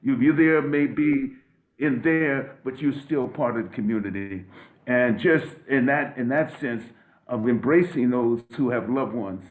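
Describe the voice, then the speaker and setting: An older man on a video call giving an emotional tribute, halting and restarting often. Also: medium pitch. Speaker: guest speaker. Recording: phone-like audio.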